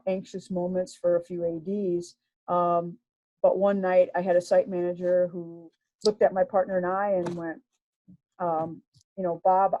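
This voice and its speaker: A middle-aged woman who works as a sports official tells stories from her career in a chatty, casual way, full of fillers and restarts. Her voice is low and dark, and the dry recording has a dull lo-fi sound.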